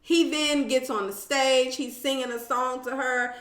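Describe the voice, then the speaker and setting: Woman live-stream host, relaxed unhurried delivery, chatty with viewers, recorded in an echoey room. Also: high-pitched. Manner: chatty and animated, talks straight to viewers, reads comments aloud. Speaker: live-stream host recapping a reality show. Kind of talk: casual live-stream chat.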